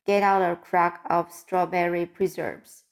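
A woman's voice: lowish voice, flat delivery, measured pace, creaky. A woman reading an audiobook, voicing a strict, stern older woman who gives firm commands.

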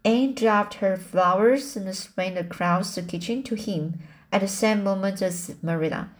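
A woman reading a classic novel aloud chapter by chapter, often pausing on fillers and restarting words. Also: mid-range voice. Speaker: audiobook reader.

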